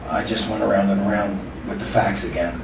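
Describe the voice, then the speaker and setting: A man being interviewed, giving an earnest, halting account of a conversation he recorded. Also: lowish voice, fairly even intonation, vocal fry, noisy background. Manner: earnest, halting retelling with restarts. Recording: echoey room, far from the mic, muffled.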